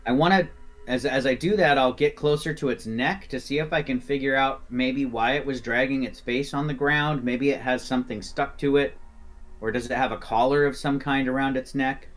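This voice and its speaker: A man's voice: mid-range voice, steady tone, moderate pace, fairly bright tone. Chatty man playing a tabletop game. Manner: chatty, thinks aloud with ums. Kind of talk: casual game talk.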